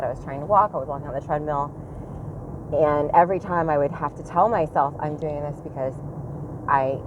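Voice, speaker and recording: Woman, 30s, casual vlog, deep voice, candid and rambling, traffic and a train behind her. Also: lo-fi sound. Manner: candid, rambling, self-reflective. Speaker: parent vlogger. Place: outdoors near a train line. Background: passing train and traffic.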